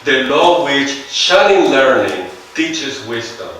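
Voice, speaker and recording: Man, non-native English accent, seminar lecture, slow musing delivery, rhetorical questions, big echoey hall, distant mic. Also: mid-range voice, big pitch swings, a bit bright, a little hiss or hum. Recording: echoey hall, heard from far off.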